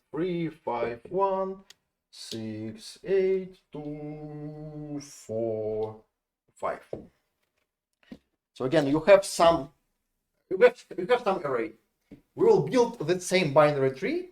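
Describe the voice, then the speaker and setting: Russian-accented man lecturing with lively pitch. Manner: restarts and repeats words while working through examples. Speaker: university lecturer. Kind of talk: live lecture explaining code.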